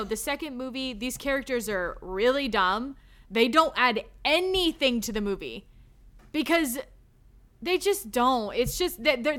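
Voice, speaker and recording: A woman co-hosting a casual movie discussion, ranting in an animated, exasperated way with lots of "like". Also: on the high side. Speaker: podcast co-host. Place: recorded live.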